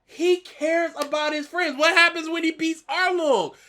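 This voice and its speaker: A woman co-hosting a casual chat, animated and laughing often as she reacts. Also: very high-pitched, unhurried. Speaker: podcast co-host.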